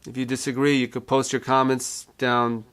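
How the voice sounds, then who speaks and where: A male vocal coach giving a calm, reassuring singing lesson and walking beginners through vocal exercises. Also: mid-range voice, normal speed, clear, resonant tone. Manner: calm, reassuring teaching with repeated phrases.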